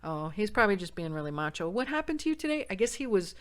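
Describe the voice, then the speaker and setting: A woman from San Diego, a podcast guest, telling a personal story and acting out the quoted voices with big jumps in pitch and loudness. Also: sing-song, quick pace.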